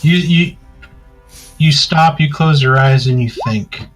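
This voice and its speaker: A man running a tabletop game as game master, narrating scenes in an unhurried, descriptive way. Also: a little high, fairly bright tone, faint music behind, rough recording.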